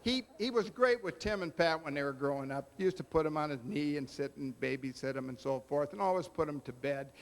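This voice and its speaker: Roast emcee, male, slightly high voice, storyteller who voices the punchlines. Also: fairly quick, few pauses. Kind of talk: telling jokes at a roast.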